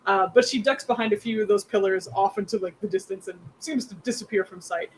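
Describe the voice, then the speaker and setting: A woman's voice: mid-range voice, quick pace, slight background noise, poor audio. A young woman narrating as game master in a rambling, filler-heavy, giggly way.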